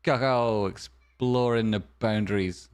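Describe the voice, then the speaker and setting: A man's voice: lowish voice, fairly even intonation, measured pace, clean tone. A man hosting a stock stream, giving a comedic market news rundown with wry, jokey asides. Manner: wry, jokey asides, sudden softer murmurs.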